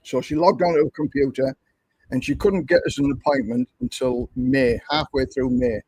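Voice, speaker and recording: Husky older Englishman telling a story. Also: medium pitch, very animated, moderate pace, darkish tone, dry recording, poor audio. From England. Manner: chatty, repetitive, conversational storyteller. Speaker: livestream host. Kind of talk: casual livestream storytelling.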